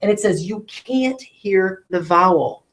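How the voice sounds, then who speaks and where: A woman teaching a recorded phonics lesson to classrooms, slowly stretching out word sounds and checking in with rhetorical questions. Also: medium pitch, lively intonation, low-quality recording.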